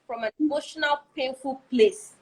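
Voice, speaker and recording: A woman, a guest telling her own story in a casual interview, animated and acting out her past self. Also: high-pitched, moderate pace, over a noisy crowd, poor audio. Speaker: guest, wife.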